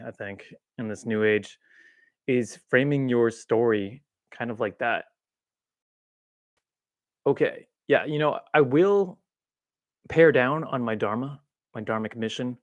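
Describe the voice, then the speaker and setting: A man's voice: medium pitch, dry recording. A man hosting a livestream in casual spiritual chat, rambling and self-mocking with frequent laughs, seated in a swivel chair at home. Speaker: livestream host. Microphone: boom-arm mic.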